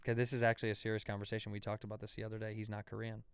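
A man's voice: lowish voice, monotone, racing, gravelly, clear, resonant tone, no echo. A man in his thirties, a guest on a comedy podcast, riffing and ranting in casual chat with swearing. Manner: riffing, swearing, mock rants, acts out quotes.

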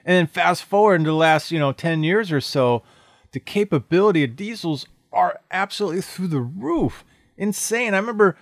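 A middle-aged man co-hosting a casual car podcast, talking in an enthusiastic, animated way with many "you know" fillers. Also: fairly high pitch, no echo, clean studio sound. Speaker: podcast co-host.

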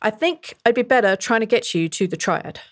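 A woman voices a female spellcaster who rambles and circles back on herself, thinking aloud as she plans. Her voice is mid-pitched and unforced. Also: lively intonation, fairly quick, natural voice. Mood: earnest. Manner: rambling, many fillers. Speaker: game master voicing a character.

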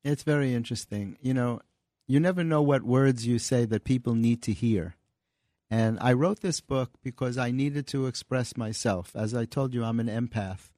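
A man's voice: mid-range voice, moderate pace, warm tone, no echo. A man being interviewed in a radio studio, telling stories in an earnest way. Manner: earnest storyteller. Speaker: guest, comedy writer and author. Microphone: studio microphone.

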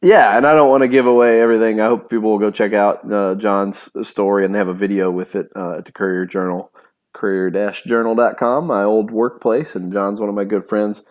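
A man co-hosting a sports podcast, talking in a rambling, animated way with many restarts and fillers. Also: fairly low pitch, fairly quick. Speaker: podcast co-host. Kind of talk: casual sports chat.

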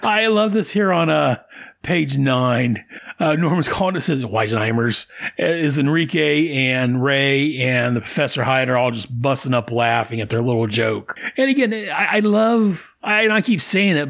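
A man's voice: a little high, creaky, a bit bright. A man reviewing a comic book in casual commentary. He is enthusiastic, stops and restarts often, and laughs often.

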